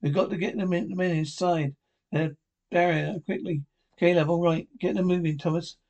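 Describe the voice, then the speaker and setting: A man reading a drama script aloud, naming each speaker and reading the stage directions in a flat, halting way. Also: a little high, lo-fi sound.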